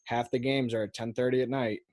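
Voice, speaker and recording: A man's voice: medium pitch, flat delivery, darkish tone, no room sound, clean studio sound. A young man hosting a sports podcast, chatting casually and joking with his co-hosts. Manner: upbeat, joking, quick banter. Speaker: podcast host. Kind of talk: casual chat.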